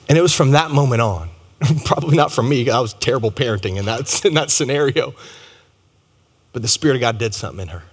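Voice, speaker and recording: A man's voice: medium pitch, breathy edge. A man, preaching a sermon in a conversational, humorous way and talking straight to the crowd. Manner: conversational and humorous, addresses audience directly. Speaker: pastor. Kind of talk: storytelling sermon. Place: large chapel. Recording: long hall reverb.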